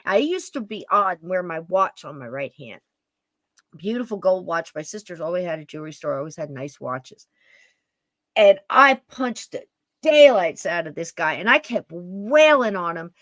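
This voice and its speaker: A woman hosting a podcast, telling a story in a lively way and laughing as she goes. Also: on the low side, moderate pace, dry recording. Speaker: podcast host. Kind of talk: animated storytelling.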